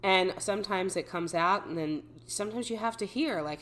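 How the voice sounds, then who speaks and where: A woman's voice: mid-range voice, normal speed, few pauses. A woman co-hosting a podcast in casual chat, telling stories with frequent laughter and casual swearing. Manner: laughs often, swears casually, animated storytelling. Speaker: podcast co-host. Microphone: studio microphone.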